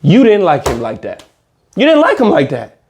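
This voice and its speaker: A man hosting a comedic reaction video, ranting in casual slang and jumping into high mocking voices. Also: moderate pace, a little hiss or hum. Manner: animated, slangy, swings into high squeaky mock voices. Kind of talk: comedic rant reacting to a reality show.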